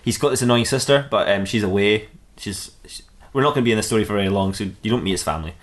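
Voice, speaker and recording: A young man rambles quickly through an improvised comic tale. He trips over his words, restarts sentences and talks in a casual, giggly way. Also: fairly low pitch. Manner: rambling, self-interrupting, giggly. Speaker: podcast host.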